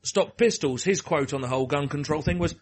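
A man's voice: fairly high pitch, fairly quick. A man co-hosting a podcast, dryly reading out quotes and chuckling. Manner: dry, reading out quotes with laughs. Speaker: podcast co-host. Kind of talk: casual chat.

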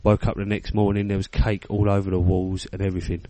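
A lowish British man in his thirties spinning a crude anecdote, full of swearing and laughter. He slips into the voices of the people in the tale. The sound is close and dry. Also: monotone, fast, dark tone, dry recording. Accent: British English. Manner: swearing, laughing storyteller, acts out quotes. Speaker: podcast co-host. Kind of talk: casual chat, storytelling.

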